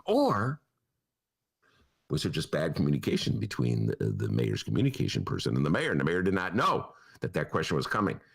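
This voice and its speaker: A man's voice: a bass voice, wildly swooping pitch, a little fast, gravelly, husky. A man hosting a podcast in casual chat, rambling through tangents with a self-mocking storyteller's manner. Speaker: podcast host.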